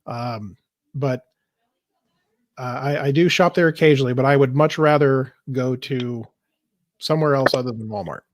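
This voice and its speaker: A man's voice: mid-range voice, moderate pace, long pauses, dry recording, clean studio sound. A man hosting a casual show chat, talking loosely and laughing easily, recording while traveling. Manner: laughs easily, loose rambling talk with fillers. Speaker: podcast host. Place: indoors while traveling, video call setup.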